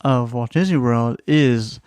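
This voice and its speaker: Smooth-voiced easygoing man co-hosting a podcast. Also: mid-range voice, slow, darkish tone, no echo. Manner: easygoing, agreeable, joking. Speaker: podcast co-host. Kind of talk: casual chat.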